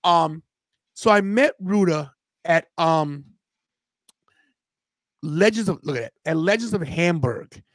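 A man hosting a wrestling watch-party podcast, telling stories in a loose, slangy, animated way. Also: on the high side, slow pace, long pauses, dry recording. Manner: animated storyteller, quotes friends in a loose slangy way. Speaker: podcast host. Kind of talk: casual watch-party chat.

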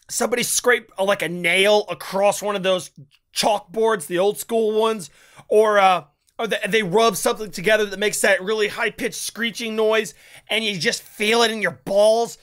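A young man with a high, sharp and bright voice rambles through a casual reaction video. He talks crudely and keeps stumbling into restarts. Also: fairly even intonation, normal speed. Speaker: YouTube reaction host.

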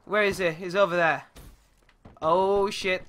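Excitable young gamer. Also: male voice, a little slow. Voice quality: goes squeaky when yelling. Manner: excitable, shouts and swears at the game. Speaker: gaming YouTuber. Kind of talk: live gameplay commentary.

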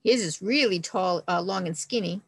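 A woman's voice: fairly low pitch, normal speed, vocal fry, breathy edge, no echo, low-quality recording. Upbeat woman librarian teaching kids. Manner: friendly, upbeat, talks to children. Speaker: children's librarian. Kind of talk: storytime reading and kids' science lesson.

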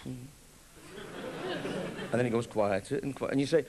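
A man's voice: mid-range voice, unhurried, gravelly, pauses often, darkish tone. A middle-aged man telling a rambling stand-up story and acting out both sides of awkward chats. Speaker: stand-up comedian. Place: theatre stage before a live audience. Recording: live concert recording, audience noise.

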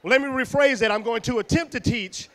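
A man from Houston entertaining a middle school assembly, teasing and calling out loudly to the kids. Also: very high-pitched, fairly quick. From Houston, Texas. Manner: loud, teasing, calls out to the audience. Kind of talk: joking live show banter with a crowd. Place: middle school gym or auditorium.

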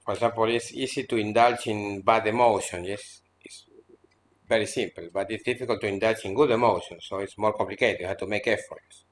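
A man as a spiritual teacher at a seminar, speaking in an earnest, admonishing way, with halting, repetitive phrasing and many restarts. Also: lowish voice, fairly even intonation, slight background noise. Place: seminar room at an ashram in India.

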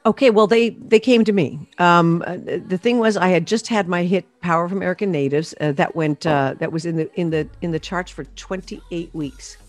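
A woman singer telling stories about her career in a casual interview, animated, with many fillers and restarts. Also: lowish voice, moderate pace, hardly any pauses.

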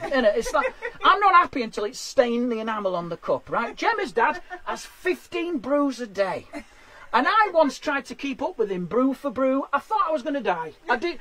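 A man with a Yorkshire accent hosting a stand-up comedy show from a shed, chatty and full of quick asides. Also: very high-pitched, bright, forceful tone. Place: garden shed.

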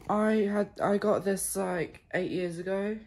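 A woman with a hoarse, failing voice, chatting casually and rambling in a silly vlog. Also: mid-range voice, fairly even intonation, unhurried, a little mellow, slight background noise. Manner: rambling, silly, filler-heavy. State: hoarse, losing her voice. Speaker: vlogger.

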